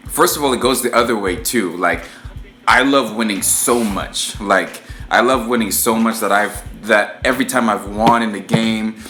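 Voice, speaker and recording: Young male podcaster, angry and profane rant, lowish voice, faint music under an echoey room. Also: normal speed, bright, forceful tone. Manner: frustrated, heated and profane, restarts often. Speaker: podcast host. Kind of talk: casual solo podcast rant. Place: home room while watching a football game.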